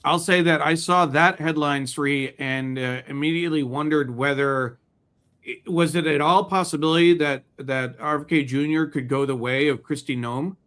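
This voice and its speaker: A man's voice: fairly high pitch, fairly even intonation, moderate pace, a bit bright. A man co-hosting a casual talk show, speaking hesitantly with many restarts as he weighs his thoughts. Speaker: co-host. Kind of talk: casual chat.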